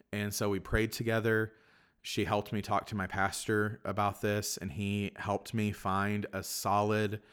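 A young man, a Catholic priest, telling his personal story in a reflective way, with many fillers and soft laughs. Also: lowish voice, smooth. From Kentucky, USA. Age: young adult. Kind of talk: personal testimony in conversation.

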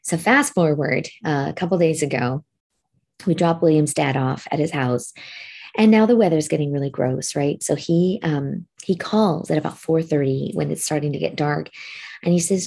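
A middle-aged woman co-hosting a podcast, telling an animated story in casual chat and swearing now and then. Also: deep voice, normal speed, vocal fry, slightly rough. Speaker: podcast co-host.

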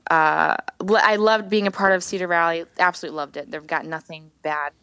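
A woman in her thirties, a worship leader, telling her faith story on a podcast guest spot in a lively, expressive way, acting out what she once said. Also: lowish voice, a little fast, clear, resonant tone, dry recording. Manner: animated storytelling, acts out her own past words. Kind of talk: candid personal testimony.

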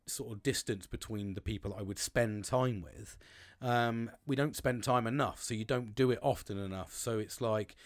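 A man's voice: fairly low pitch, moderate pace. A man talking in a rambling, casual monologue, swearing often and calling people "mate".

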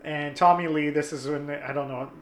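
A young man tells a story with animated swearing and plays his friends' lines as he goes. His voice is bright and a little high, and the room gives it a clear echo. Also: normal speed, slight background noise. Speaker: guest telling a story. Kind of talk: casual storytelling.

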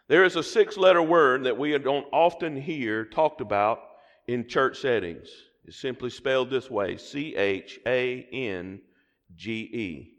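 A man's voice: mid-range voice, expressive, a little slow. A middle-aged man with a Southern American accent, preaching a sermon and leading the congregation in call-and-response. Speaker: pastor. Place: church sanctuary. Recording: long hall reverb.

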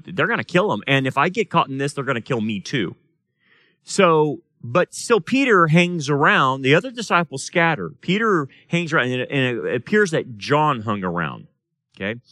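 A man's voice: mid-range voice, a bit bright, no room sound. A man teaching a Bible study as a pastor, talking casually and asking the class questions. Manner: plays out voices in quoted dialogue. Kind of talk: sermon. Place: church or study room.

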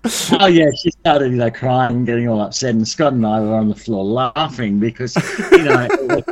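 A man being interviewed, telling dark jokes at his own expense with many restarts and fillers. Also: mid-range voice, sing-song, moderate pace, a crowd in the background, poor audio. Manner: darkly joking and self-mocking. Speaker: interview guest. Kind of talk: casual conversation.

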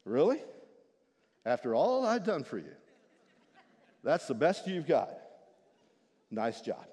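A preacher doing a resentful, jealous elder brother, a man who sneers and scoffs with a sarcastic edge. The voice sits lower and quieter than the preacher's own, and it hangs in a long, echoing hall. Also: wildly swooping pitch, slow pace, husky, exaggerated voice. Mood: sneering.

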